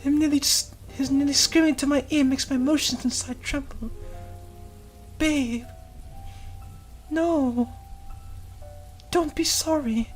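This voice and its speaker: A woman voicing a gentle, devoted young woman in a visual novel, narrating softly in first person and comforting someone she loves. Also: sits high, steady tone, slow, pauses often, faint music behind. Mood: tender. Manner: soft, tender, hushed delivery.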